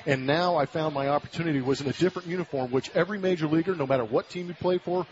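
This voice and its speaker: Animated man telling a baseball story. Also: on the high side, very fast, crowd noise. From Southern California. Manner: animated storyteller, acts out quoted voices. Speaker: former baseball player, guest. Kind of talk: casual storytelling interview. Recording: muffled radio broadcast audio.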